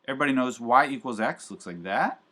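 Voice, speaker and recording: A man's voice: mid-range voice, animated, fast talker, a bit bright. A man teaching a live university calculus class, talking casually with lots of fillers and joking asides. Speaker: university math professor.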